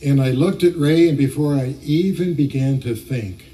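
Male pastor, sermon delivery, warm mellow voice, distant church mic. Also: on the high side, normal speed. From Ohio, USA.

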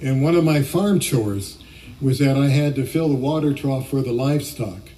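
A man's voice: mid-range voice, moderate pace, dark tone, far from the mic, poor audio. A man from Ohio preaching a sermon, earnest and reflective, often restarting his phrases. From Ohio, USA. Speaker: pastor.

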